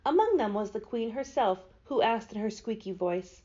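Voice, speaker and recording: Woman, librarian, storybook read-aloud, expressive, muffled sound. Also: fairly high pitch, normal speed. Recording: dull lo-fi recording.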